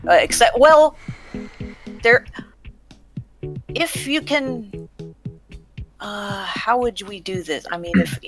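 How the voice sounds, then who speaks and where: A woman playing a puzzle game with friends, thinking aloud with hesitant pauses. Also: medium pitch, big pitch swings, music in the background. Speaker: co-player. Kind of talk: casual gameplay chat.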